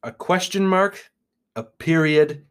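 A man co-hosting a casual podcast, laid-back and drawling, often trailing off into a quieter voice. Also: fairly high pitch, lively intonation, slow pace, smooth. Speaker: podcast host.

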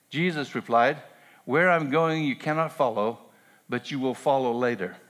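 Pentecostal-style pastor, male, slightly high voice, earnest, builds to emphatic repeated lines in a sermon. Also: fairly bright tone. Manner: earnest, rising to emphatic preaching with repeated phrases.

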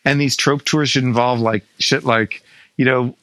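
A man hosting a podcast riffs playfully on ideas and jokes as he goes. His voice has an ordinary middle pitch. The sound is dry and close. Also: steady tone, normal speed, fairly bright tone, no room sound. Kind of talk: casual podcast chat.

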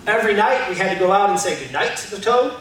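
A man's voice: high-pitched, expressive, quick pace, fairly bright tone. A man preaching a casual, conversational sermon as a pastor in a church auditorium, candid and self-deprecating with lots of fillers. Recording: very echoey hall, voice from far off, faint noise.

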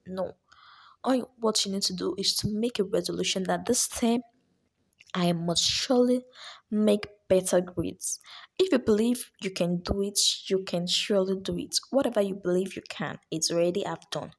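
A woman's voice: medium pitch, normal speed, vocal fry, breathy edge. A woman voicing an upbeat young friend giving an earnest, coaxing pep talk.

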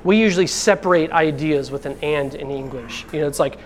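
High-voiced man preaching a casual sermon. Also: brisk, a little hiss or hum. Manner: conversational preaching, addresses the congregation as brethren. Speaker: pastor. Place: church sanctuary.

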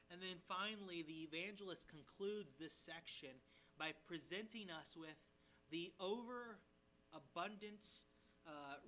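High, bright-voiced male pastor. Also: a little hiss or hum. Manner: explanatory Bible teaching with paraphrased quotes. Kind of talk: sermon.

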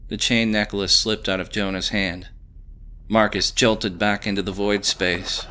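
A man narrating audio fiction in a steady, measured storytelling manner. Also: fairly low pitch, slight background noise.

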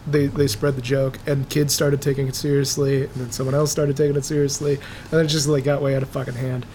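A podcast co-host who talks in animated, casual banter, swearing freely and laughing often. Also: medium pitch, fast talker, slight background noise.

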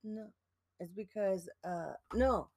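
Female podcast co-host, dry and matter-of-fact, mid pitch, close dry mic. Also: takes it slowly, darkish tone, husky, no room sound. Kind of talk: casual chat.

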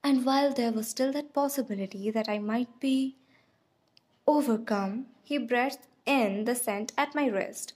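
A woman reading an audiobook, voicing a tender, restrained, teasing young man who has lived for a century, in soft murmurs. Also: fairly high pitch, measured pace, husky. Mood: earnest.

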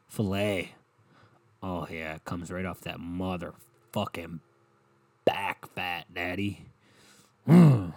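A man's voice: sits low, slow, vocal fry, pauses often, darkish tone, no echo. Profane rambling podcast host man. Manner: profane, rambling, laughs at own jokes. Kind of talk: crude comedic solo podcast.

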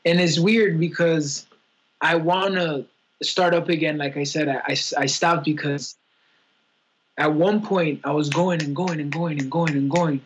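Husky young man in candid chat. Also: fairly high pitch, steady tone, a little slow, low-quality recording. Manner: rambling, filler-heavy, candid and emotional. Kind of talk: casual podcast chat.

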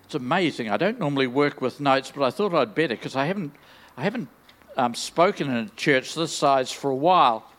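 A man's voice: medium pitch, expressive, fairly quick, fairly bright tone. An older man preaching a sermon in a large church, enthusiastic and full of joking, self-deprecating asides. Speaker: guest preacher.

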